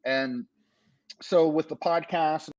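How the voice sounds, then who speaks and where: A man's voice: on the high side, slow pace, darkish tone, no room sound, dull audio. A man guest on a podcast, telling a long, rambling story with many "uh" fillers in a casual interview. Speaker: podcast guest, business owner.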